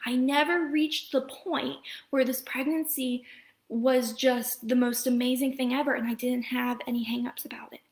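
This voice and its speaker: A pregnant woman in her thirties, a mom coach, talking earnestly to viewers on a live stream, rambling with many fillers and restarts and often dropping into a soft whisper. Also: high voice, steady tone, moderate pace. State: heavily pregnant. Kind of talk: Facebook Live talk to viewers.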